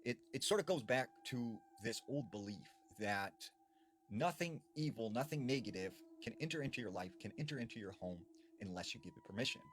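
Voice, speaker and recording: A man telling a spooky folklore story in a casual, conversational way, building suspense with pauses and emphasis. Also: medium pitch, animated, a little hiss or hum. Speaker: horror storyteller. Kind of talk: casual spoken scary storytelling.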